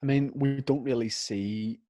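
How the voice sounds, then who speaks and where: A man co-hosting a comedy podcast, teasing his friend and acting out scenes with loud put-on voices. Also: mid-range voice, steady tone, unhurried, dry recording. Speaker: podcast co-host. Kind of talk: casual comedic chat.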